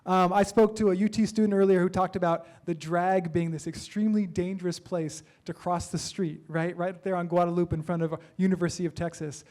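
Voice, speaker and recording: A man's voice: sits high, fairly even intonation, brisk, hardly any pauses, darkish tone. A man, a council candidate, answering eagerly at a forum, often stumbling and restarting his sentences.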